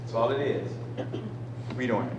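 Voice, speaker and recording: A man's voice: medium pitch, measured pace, very echoey, lo-fi sound, background noise. A man preaching as a pastor, repeating phrases and drawing responses from listeners. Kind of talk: sermon teaching.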